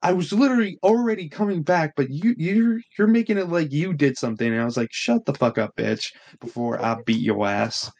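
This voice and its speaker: This young podcast co-host has a voice on the high side and talks briskly with few pauses. He tells his story in a lively way, cursing a lot and acting out what others said.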